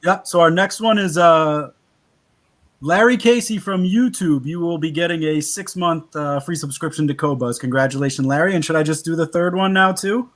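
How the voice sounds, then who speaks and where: A man co-hosting a casual online show, briskly announcing giveaway winners over a video call. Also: on the high side, fairly bright tone. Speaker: co-host.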